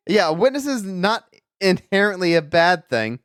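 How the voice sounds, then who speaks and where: A woman streamer giving casual, rambling let's-play commentary, musing aloud in a low-key way. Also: very animated, moderate pace.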